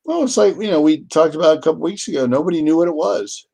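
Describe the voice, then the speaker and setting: A man co-hosting a casual live chat, relaxed and explanatory, thinking aloud as he goes. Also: a little high, fast, vocal fry, breathy edge.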